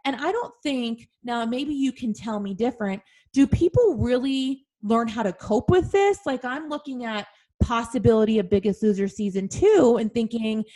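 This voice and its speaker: A woman with a slightly high voice talks through her own past in a relaxed, candid way. She turns each memory over out loud as if confiding in a friend, honest and self-reflective. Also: moderate pace. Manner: open, self-reflective storytelling. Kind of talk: candid conversational chat.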